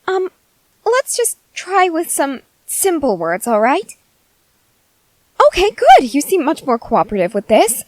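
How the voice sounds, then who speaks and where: A woman voicing an eccentric, excitable female scientist in an ASMR role-play, coaxing and gushing in a cheerfully unsettling way. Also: high voice, unhurried, dry recording, full character voice, low-quality recording.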